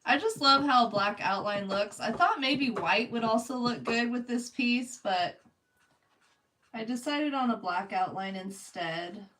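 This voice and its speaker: A woman's voice: fairly high pitch, animated, measured pace, fairly bright tone, far from the mic, poor audio. Chatty Californian woman streaming art. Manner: chatty, laughs often, talks to chat. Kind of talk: casual chat while painting.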